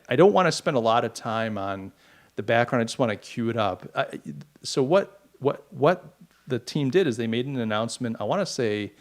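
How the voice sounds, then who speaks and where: A middle-aged man hosting a podcast, talking in a rambling, animated monologue with mocking asides. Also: on the low side. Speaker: podcast host. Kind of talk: casual opinion monologue.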